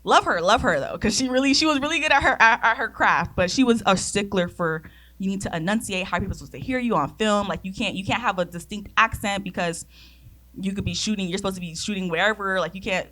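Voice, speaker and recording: A woman's voice: medium pitch, fast, sharp tone. Chatty giggly young woman co-host. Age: 20s. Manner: chatty, many fillers and mm-hmms, giggly. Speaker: podcast co-host. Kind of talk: casual chat.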